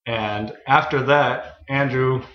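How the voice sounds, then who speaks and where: A man's voice: mid-range voice, fairly even intonation, slow, reverberant, highs cut off. A young man from Texas telling a story in casual podcast chat, rambling and correcting himself as he goes. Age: young adult. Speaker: podcast co-host.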